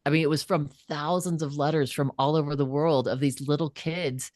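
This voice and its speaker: A woman's voice: deep voice, fairly quick, no echo, studio quality. A woman guest and author in an interview, telling a personal story earnestly and with animation. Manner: earnest, animated, acts out quoted voices.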